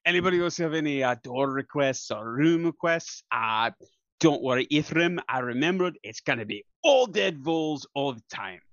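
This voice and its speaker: A man's voice: on the high side, lively intonation, moderate pace, fairly bright tone, no echo, highs cut off. A man playing a tabletop game, joking in a hesitant way with lots of fillers. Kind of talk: casual in-character chat.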